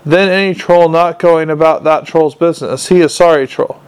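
Male narrator doing a dim, blunt troll cop with broken grammar, a bit raised in pitch. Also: fairly even intonation, normal speed, clear, resonant tone, natural voice. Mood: gruff.

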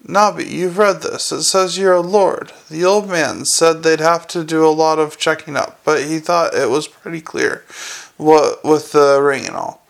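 A man's voice: a little high, unhurried, vocal fry. A man doing a fussy, kindly sergeant. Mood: fussing. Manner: fussing, reassuring. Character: homely middle-aged male sergeant, fussy and kind.

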